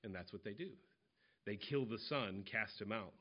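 A man's voice: fairly low pitch, normal speed, lo-fi sound. A man preaching an expository sermon in a conversational way, walking through scripture verse by verse. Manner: conversational expository preaching, retelling parables in casual voices.

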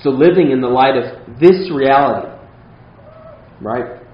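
A man's voice: mid-range voice, unhurried, muffled recording. Earnest man preaching in a roomy hall. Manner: earnest, emphatic preaching with conversational asides. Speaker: pastor. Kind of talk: sermon.

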